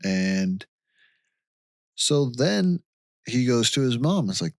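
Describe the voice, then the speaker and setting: A man's voice: mid-range voice, takes it slowly, no room sound, clean studio sound. A man co-hosting a podcast, casually retelling a case from his notes. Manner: relaxed storytelling from notes. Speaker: podcast co-host. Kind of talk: casual chat recapping a case.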